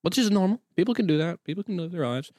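A man's voice: high voice, animated, fast, warm tone, no room sound, clean studio sound. A male podcast host in casual solo chat, rambling and sarcastic, swearing often and breaking off his own reading to comment.

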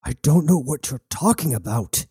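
A man voicing a desperate, bound prisoner in an audiobook, speaking urgently and raised in pitch. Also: moderate pace, warm tone, no room sound, clean studio sound, lightly acted. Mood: denying. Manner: urgent, pleading. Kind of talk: audiobook narration.

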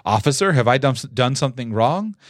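A man's voice: mid-range voice, animated, a little fast, no room sound, clean studio sound, natural voice. A man voicing a nervous young man who rambles defensively while a police officer questions him.

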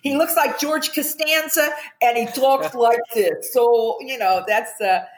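An older woman chatting upbeat on a video call, telling stories with animated quotes. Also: fairly high pitch, unhurried, reverberant, slight background noise. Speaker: guest, commercial actress. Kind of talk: casual chat on a video call.

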